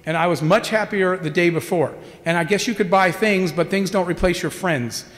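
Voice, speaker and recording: A middle-aged man delivers a keynote in a big conference hall, and his voice carries a long reverb tail. He sits fairly high for a man. He tells stories in an animated way and acts out the voices of the people in them. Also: moderate pace. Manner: animated storyteller acting out quoted dialogue. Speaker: keynote speaker.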